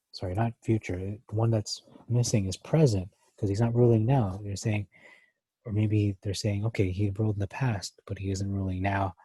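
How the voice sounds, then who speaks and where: A man's voice: lowish voice, mellow, breathy edge, no echo. A man teaching a verse-by-verse Bible study, thinking aloud with many fillers and restarts.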